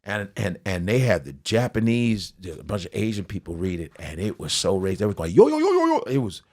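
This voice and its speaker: A man telling crude, animated stories in casual podcast banter. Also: low voice, fairly quick. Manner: animated storyteller, crude and profane.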